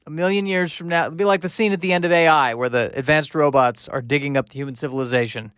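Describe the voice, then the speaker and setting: A man's voice: medium pitch, fast talker, fairly bright tone, smooth, dry recording, studio quality. A man hosting a solo comedy podcast, rambling through tangents with lots of fillers. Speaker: podcast host.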